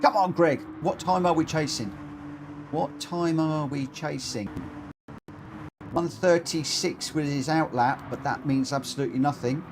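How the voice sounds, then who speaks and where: A man hosting and commentating online racing in a chatty, excitable, jokey way over a live stream. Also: fairly high pitch, unhurried, music in the background. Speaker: race commentator and lobby host. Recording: game audio noise behind.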